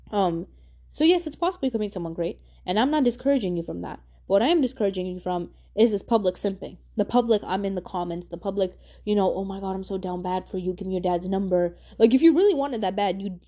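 Slangy, emphatic young woman, mellow voice. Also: medium pitch. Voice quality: slangy, emphatic, repeats herself for stress. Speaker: podcast host. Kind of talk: casual advice talk.

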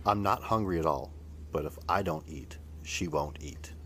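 A woman voicing a boyfriend's inner voice in a comic skit, flat, solemn and deadpan. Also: rumbling low, normal speed, slight background noise, pitched below the performer's own voice. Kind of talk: comedic skit.

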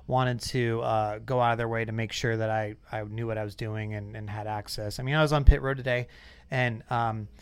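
A man's voice: lowish voice, fairly even intonation, a little fast, smooth. A man hosting a podcast, chatting casually and a bit self-deprecating. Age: 30s or 40s. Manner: chatty, self-deprecating, retells stories with little voices. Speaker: podcast host.

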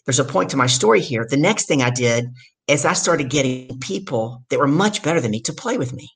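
A middle-aged woman from the States, telling her story as a guest in an energetic, emphatic way. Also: rumbling low, fairly quick, husky. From southern United States. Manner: energetic, emphatic storyteller who acts out quotes. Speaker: guest, business speaker. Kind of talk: storytelling in a conversation.

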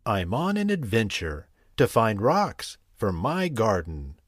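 A man's voice: fairly low pitch, wildly swooping pitch, takes it slowly, dry recording, studio quality, heavily acted. A man voicing a cheerful young female bunny in a storybook, speaking steadily and good-naturedly in his own voice.

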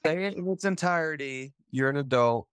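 A man co-hosting a casual podcast, dropping teasing, deadpan asides. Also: a little high, a little fast, smooth, no room sound, studio quality.

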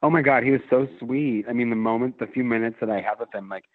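A man's voice: medium pitch, fast, no room sound. A man in his forties, a guest in a casual chat, telling a long story with lots of restarts and fillers. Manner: rambling, many restarts and "like". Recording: tinny phone-line sound.

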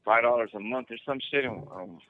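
A man's voice: medium pitch, fairly quick, a bit bright, no room sound. A man calling in from prison, talking in a laid-back, slangy way full of swearing over a phone line. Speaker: caller from prison. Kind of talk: casual phone chat.

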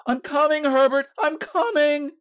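A man voicing a frantic old woman in a storybook reading, crying out in shrill pleading tones. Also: unhurried, fairly bright tone. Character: frantic old woman desperate for her son.

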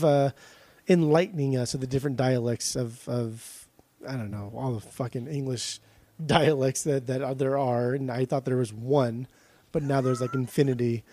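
A man's voice: medium pitch, mellow, no echo. A man from Southern California with a Southern Californian accent, chatting casually as a podcast co-host, swearing freely and restarting his sentences. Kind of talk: casual chat.

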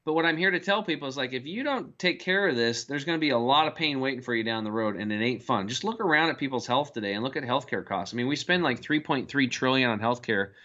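A man's voice: medium pitch, expressive, quick pace, hardly any pauses, pushed and bright. A man, a health guest in a casual interview, telling stories and acting out the voices of people he quotes. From United States. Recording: dull lo-fi sound.

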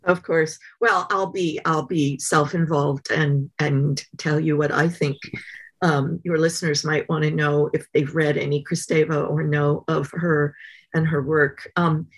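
Low husky-voiced woman telling stories. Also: little pitch movement, measured pace. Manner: thoughtful, storytelling, with fillers. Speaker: guest author. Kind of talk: interview conversation.

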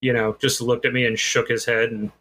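A man's voice: mid-range voice, flat delivery, a little fast, bright, forceful tone, slightly rough. A man co-hosting a podcast, telling a rambling, self-deprecating story in casual chat. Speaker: podcast co-host.

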